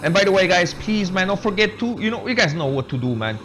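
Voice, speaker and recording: A man's voice: sits high, sing-song, fast talker, fairly bright tone. Laid-back young man streaming a game. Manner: laid-back, says "man" and "bro" constantly, reads chat aloud. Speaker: gaming streamer. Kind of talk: casual live-stream chat while playing. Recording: game engine noise behind the voice.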